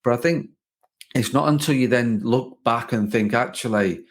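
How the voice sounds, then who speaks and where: A man's voice: medium pitch, normal speed. A man hosting a coaching podcast, talking in a loose, rambling way with many restarts and fillers. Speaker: podcast host and business coach. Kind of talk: casual conversational interview.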